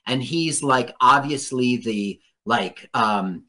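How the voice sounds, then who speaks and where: A radio host chatting casually about a movie, animated and profane. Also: medium pitch. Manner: animated, profane, quick to laugh. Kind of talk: casual movie commentary chat.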